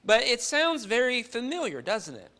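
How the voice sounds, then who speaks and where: Guy preaching at church, earnest, lots of questions to the crowd, kinda high voice. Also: huge pitch swings, normal speed, pushed and bright. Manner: earnest, uses rhetorical questions. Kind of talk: sermon.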